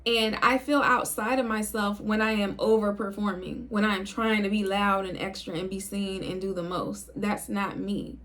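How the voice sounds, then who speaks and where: Young woman, mid-pitched, speaking low and calm to camera; relaxed casual vlog chat. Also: normal speed, hardly any pauses. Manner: low, calm, chill delivery. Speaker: video creator.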